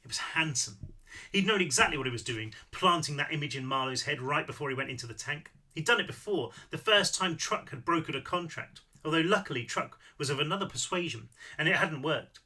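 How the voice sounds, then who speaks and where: A man reads his own novel aloud as an audiobook, lively and animated, occasionally breaking off for a casual aside. His voice is a little higher than most men's, very bright and sharp, and fairly quick.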